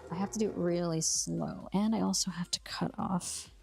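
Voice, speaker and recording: A woman's voice: fairly low pitch, fairly even intonation, moderate pace, gravelly, darkish tone, slightly rough. A young woman from Canada hosting a sewing livestream, chatting casually with viewers and laughing often as she thinks aloud. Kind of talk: casual chat while sewing, reading viewer comments.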